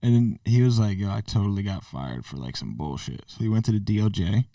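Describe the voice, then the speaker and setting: Gravelly laid-back man on a podcast. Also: on the low side, expressive, a little fast, warm tone, dry recording, studio quality, distant mic. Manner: laid-back, short replies, says dude and bro. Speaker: podcast co-host. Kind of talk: casual chat.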